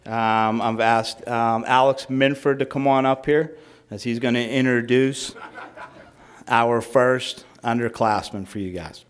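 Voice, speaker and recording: A middle-aged man, a high school football coach, giving an awards speech at a team banquet, reading out names slowly with rambling asides and fillers. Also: steady tone, clear, resonant tone.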